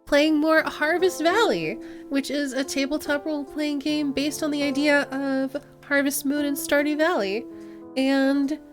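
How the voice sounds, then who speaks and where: A woman's voice: high voice, fairly even intonation, unhurried, faint music behind. A woman streamer wrapping up a stream in casual, meandering chat, often giggling.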